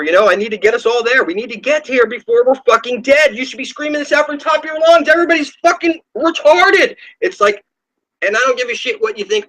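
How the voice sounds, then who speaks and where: A man's voice: high voice, fairly bright tone, poor audio. A man at home delivering a rambling, profane spiritual rant, scornful and preachy, often trailing off and restarting his sentences. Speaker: online video ranter.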